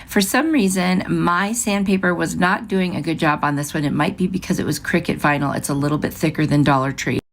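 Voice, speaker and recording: A woman's voice: sits low, a little fast, creaky, hardly any pauses, slight background noise. A woman hosting a craft channel, chatting through each step of a project in a casual, upbeat way. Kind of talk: casual craft tutorial narration.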